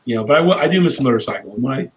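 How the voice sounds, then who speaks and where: A man's voice: mid-range voice, expressive, rapid-fire, low-quality recording. A brash middle-aged man, a cigar maker guesting on a podcast, telling a long rambling story in casual chat.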